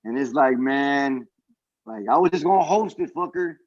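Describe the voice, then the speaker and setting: A man, a guest comedian on a podcast, telling stories in casual chat, profane and animated, acting out what others said. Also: medium pitch, normal speed, dull audio. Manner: animated storytelling, profane, acts out quotes.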